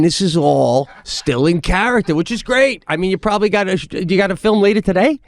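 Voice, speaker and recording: A middle-aged man co-hosting a podcast, telling a story in a casual, animated way and acting out the voices of the people in it. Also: sits high, brisk, hardly any pauses, no room sound. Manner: animated, acts out quoted voices. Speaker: podcast co-host.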